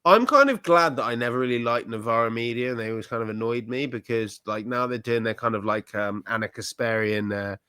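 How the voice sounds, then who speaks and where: A man co-hosting a podcast, talking in a blunt, sweary, animated rant. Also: medium pitch, brisk, few pauses, smooth, no room sound. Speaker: podcast co-host. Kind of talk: ranty casual chat.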